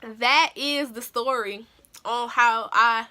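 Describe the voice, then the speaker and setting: A young adult woman vlogger telling a story in a casual, animated, slangy way. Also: on the high side, slow.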